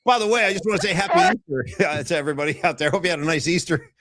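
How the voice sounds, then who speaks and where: A man co-hosting a sports podcast, ranting in an animated, exaggerated way in casual chat. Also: on the high side, very fast, raised voice, noisy background. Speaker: podcast co-host. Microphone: headphones and desk mic.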